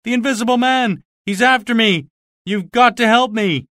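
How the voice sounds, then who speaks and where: Here a panicked, sobbing fugitive begs in a high, strained voice. He is breathless and near tears, pitched far above a plain speaking voice and loud. The delivery is bright and dry. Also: moderate pace, no room sound. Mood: panicked pleading. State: crying and out of breath. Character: terrified, sobbing ragged man fleeing a pursuer.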